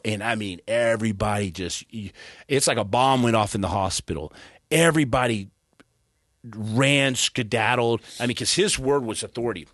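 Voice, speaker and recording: A man's voice: on the low side, moderate pace, a bit bright, dry recording, studio quality. A man in his thirties, a podcast guest, telling his story in a casual, earnest way with stammered restarts. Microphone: studio podcast mic.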